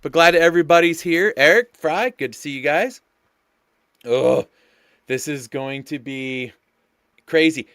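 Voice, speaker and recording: A man's voice: medium pitch, fairly bright tone, dry recording. Hyped, chatty man hosting a race stream. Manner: hyped, loose and chatty, with many fillers. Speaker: race host and commentator. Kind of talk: live-stream race commentary.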